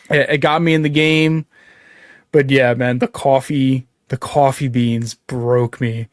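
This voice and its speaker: A man in a casual review chat who gets excited, swears freely and laughs as he talks. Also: on the high side, a little fast, dry recording, clean studio sound. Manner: excitable, swears a lot, laughs while talking. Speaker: podcast co-host.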